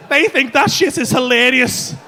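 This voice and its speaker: A man's voice: very high voice, pushed and bright. A male stand-up comedian, telling a brash, sweary story and acting out the voices in it, on a comedy club stage.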